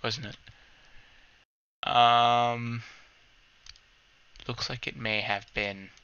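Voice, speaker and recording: A man's voice: medium pitch, steady tone, very slow, sharp tone, clean tone, muffled recording. A man hosting a let's play, giving casual, rambling gameplay commentary, often correcting himself and humming little sound effects.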